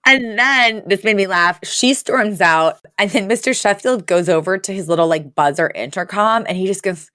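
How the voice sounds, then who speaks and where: A woman's voice: medium pitch, normal speed, hardly any pauses, pushed and bright, no echo, studio quality. A woman co-hosting a podcast, recapping an episode in a chatty, giggly way. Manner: giggly, chatty, acts out quoted lines. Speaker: podcast co-host. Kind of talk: casual recap chat.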